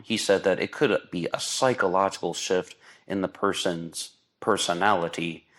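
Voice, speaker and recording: A man with a low, deep voice hosts an online radio show in casual, rambling commentary. He talks at length and slips into exasperated asides. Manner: talkative, exasperated asides, mocks with put-on voices. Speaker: podcast host. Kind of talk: casual true-crime commentary.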